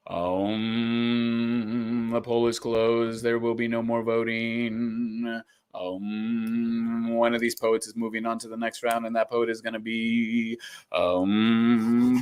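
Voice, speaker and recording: Slam host, energetic, hyping viewers, mid-pitched voice, video call. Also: slow pace, clean tone. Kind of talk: live-stream hosting.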